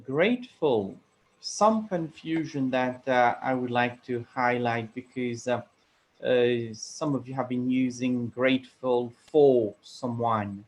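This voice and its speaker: A man's voice: mid-range voice, expressive, slow pace. A man giving the grammarian's report at an online club meeting, speaking carefully with many filler sounds. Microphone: video call.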